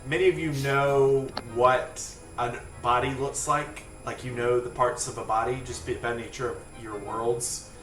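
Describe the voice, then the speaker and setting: A man narrating a tabletop fantasy game as game master, in a casual, halting way. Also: medium pitch, steady tone, a bit bright. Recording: echoey room, distant mic, faint music.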